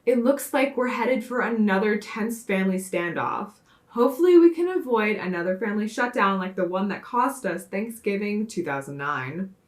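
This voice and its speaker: A woman playing an earnest TV news anchor in a comedy sketch, in a crisp newsreader delivery. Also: mid-range voice, animated, normal speed, reverberant, close to an everyday voice. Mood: newsy.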